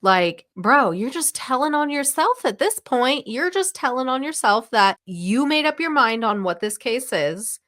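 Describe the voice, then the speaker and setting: A woman's voice: high-pitched, big pitch swings, measured pace, hardly any pauses, fairly bright tone. A woman co-hosting a podcast in casual chat, blunt and scornful as she gives her take on a crime case. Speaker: podcast co-host.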